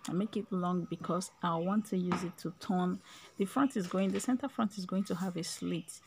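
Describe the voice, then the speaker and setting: A woman's voice: medium pitch, noisy background. A woman giving a casual step-by-step sewing tutorial, chatty and often checking in with "okay?", her voice breaking into a whisper at times.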